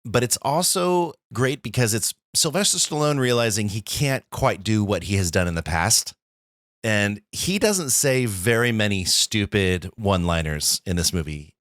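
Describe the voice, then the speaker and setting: Low-voiced man chatting about movies. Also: expressive, normal speed, a bit bright, no echo, clean studio sound. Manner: enthusiastic, laughs often, acts out quotes. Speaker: podcast co-host. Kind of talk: casual movie chat.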